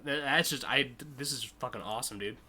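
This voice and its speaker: A man's voice: mid-range voice, a little fast, sharp tone, a little hiss or hum. A man streaming live, casually and enthusiastically judging car designs, with frequent fillers and swearing.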